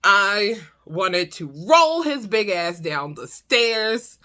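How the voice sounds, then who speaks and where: A woman vlogger telling a comedic story in a casual, animated, exasperated way, swearing freely. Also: mid-range voice, slow pace, hardly any pauses.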